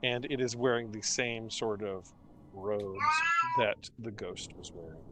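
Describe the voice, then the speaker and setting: Brief: low, unhurried male game master, relaxed narration, noisy home recording. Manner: relaxed, descriptive, with fillers.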